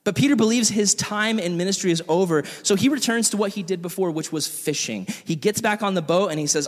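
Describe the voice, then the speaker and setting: Male pastor, conversational sermon, slightly high voice, reverberant hall. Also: lively intonation, normal speed. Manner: conversational storytelling with quoted voices.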